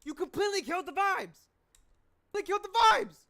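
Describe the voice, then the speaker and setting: A man putting on the high, strained shout of an exasperated young office guy, voice cracking as he yells. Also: animated, fairly quick, full character voice. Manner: squeaky, strained yelling with voice cracks.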